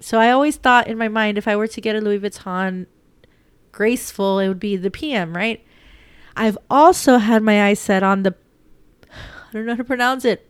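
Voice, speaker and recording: A young woman talks through a casual personal vlog, rambling and full of fillers while she fights back tears. Her voice sits a little high and comes across smooth and resonant. The sound is dry and close. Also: normal speed, no echo. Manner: chatty, rambling, many fillers. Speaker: vlogger.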